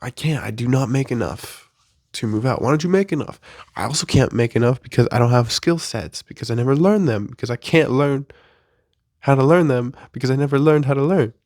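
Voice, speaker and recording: A young man of twenty talks straight at the listener in a fed-up, cursing rant, sounding a little under the weather from the flu. His voice sits at an ordinary pitch and comes across close and dry, with no room around it. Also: a little fast, darkish tone, no room sound. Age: 20s. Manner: exasperated, profane venting with mock quotes. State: sick with the flu. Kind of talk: casual ranting monologue.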